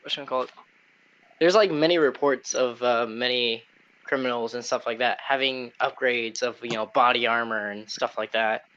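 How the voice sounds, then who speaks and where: A man's voice: medium pitch, steady tone, normal speed, pushed and bright, clear, resonant tone. A man co-hosting a casual podcast chat, explaining things loosely with fillers like "whatchamacallit.". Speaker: podcast co-host. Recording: dull lo-fi sound.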